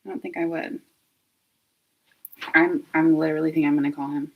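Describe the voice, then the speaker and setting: A woman's voice: sits low, little pitch movement, fairly quick, vocal fry, narrow, tinny audio. A woman hosting a casual livestream at home, talking to herself while she troubleshoots her equipment. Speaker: host of a comedy web series.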